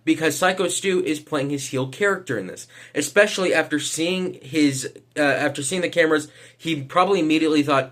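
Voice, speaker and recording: A man with a slightly high voice talks through his opinion in a loose, casual vlog. He hesitates constantly, fills pauses with "um," and swears offhandedly. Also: fairly bright tone. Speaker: vlogger.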